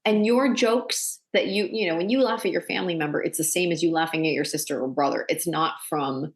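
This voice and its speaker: A woman with a notably low voice chats easily on a podcast, spinning animated family stories. She laughs at her own anecdotes and keeps a conversational flow. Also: brisk. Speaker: guest actor and director.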